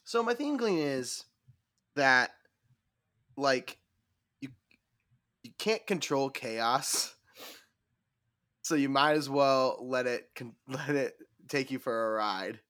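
A man's voice: mid-range voice, animated, slow pace, pauses often, fairly bright tone, no echo, studio quality. Candid, laughing man on a podcast. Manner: candid, laughs often, thinks aloud. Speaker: podcast co-host. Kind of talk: casual chat.

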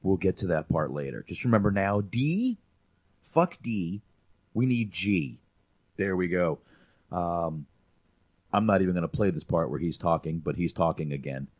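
A man's voice: sits low, normal speed, no echo. A man hosting a podcast, rambling and swearing casually while reviewing a movie. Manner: rambling, profane and animated. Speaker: podcast host.

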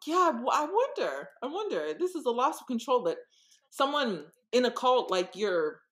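A woman co-hosting a podcast, chatting casually with a lively, swooping pitch. She talks in an animated, theatrical way and drops into acted-out quotes. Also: moderate pace. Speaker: podcast co-host. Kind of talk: casual chat.

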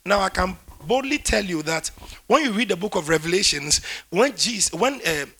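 A man preaching a sermon, emphatic, with declarations that rise loud toward the end. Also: sits high, lively intonation, normal speed, husky.

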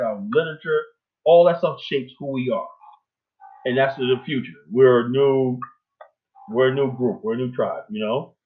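Talk show host on a narrow, phone-like line. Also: male voice, medium pitch. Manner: conversational, repeats "you know what I'm saying". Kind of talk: casual talk show chat.

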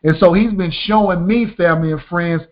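A man's voice: sits high, a little fast, highs cut off. A man preaching a radio sermon, emphatic and repetitive, often asking his listeners whether they got the point. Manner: emphatic, repeats "did you get that?".

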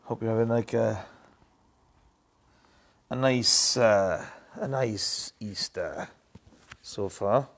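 A man's voice: on the low side, slow, pauses often. A man hosting a live-stream, greeting viewers by name in casual chat before reading scripture aloud. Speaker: live-stream Bible reader.

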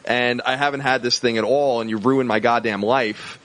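A man's voice: mid-range voice, steady tone, normal speed, a bit bright, rough recording. A man who is a guest on a comedy podcast, telling a self-mocking story with a lot of swearing.

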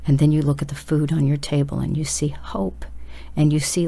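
A woman's voice: low-pitched, monotone, normal speed, dark tone. A woman preaching a sermon, urging her listeners on with emphatic, direct appeals. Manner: urgent, emphatic exhortation addressed straight to listeners.

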